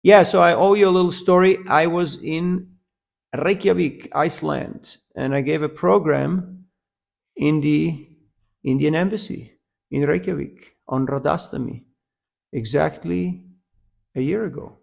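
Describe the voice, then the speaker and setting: Gravelly man giving a lively devotional talk. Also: a little high, unhurried. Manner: lively storyteller, asks "huh?" often, laughs at own jokes. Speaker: temple lecturer. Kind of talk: devotional class talk with story.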